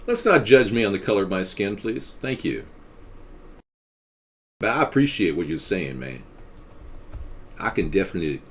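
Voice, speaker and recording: A man's voice: lowish voice, sing-song, moderate pace, long pauses, slight background noise. A man hosting a live stream, talking in a rambling, conspiratorial and jokey way. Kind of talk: casual live stream monologue.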